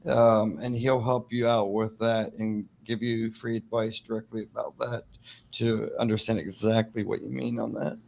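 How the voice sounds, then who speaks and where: A man on a live stream as a guest, explaining credit questions in a relaxed, chatty way. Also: fairly low pitch, normal speed, vocal fry, slight background noise. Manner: relaxed, explanatory, laughs easily. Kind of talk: casual live stream chat.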